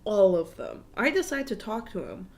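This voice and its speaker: A woman's voice: mid-range voice, big pitch swings, normal speed, a little mellow. A young woman co-hosting a podcast, in casual chat full of "like" fillers, giggles and swearing. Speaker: podcast co-host.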